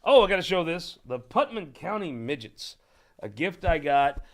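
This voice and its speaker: Pitched on the high side with big swings in intonation, this man talks at a normal speed. As host of a political talk show, he rambles irreverently through casual jokes and laughs along at them himself.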